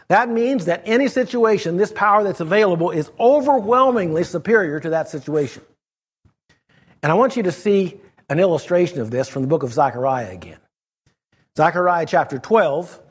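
Husky-voiced man preaching a sermon. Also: a little high. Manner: reads scripture aloud, then explains verse by verse. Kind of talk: expository sermon.

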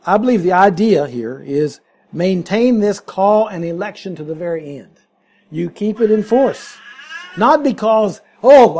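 Emphatic male preacher, mellow husky voice. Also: fairly high pitch. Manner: emphatic, explains scripture word by word. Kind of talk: expository sermon.

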